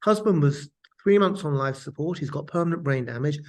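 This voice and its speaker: A man's voice: a little high, lively intonation, fairly quick, pitched above the performer's own voice, natural voice. A man doing a matter-of-fact prison officer.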